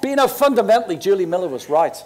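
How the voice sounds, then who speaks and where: Older pastor in his sixties, high-pitched, chatty storytelling sermon. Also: sing-song, racing, a little mellow. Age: 60s. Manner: conversational, storytelling preacher. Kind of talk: sermon with personal stories.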